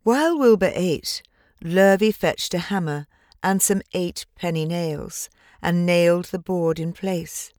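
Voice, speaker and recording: A woman narrating a children's storybook in a measured, gentle, expressive way. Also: on the low side, no echo, clean studio sound. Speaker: audiobook narrator.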